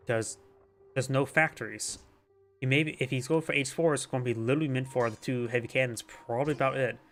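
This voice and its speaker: A man's voice: medium pitch, fairly even intonation, moderate pace, long pauses, a bit bright, faint music behind. A man with a stuffy, congested nose giving casual live commentary on a strategy game, thinking aloud and correcting himself as he goes. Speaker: game caster.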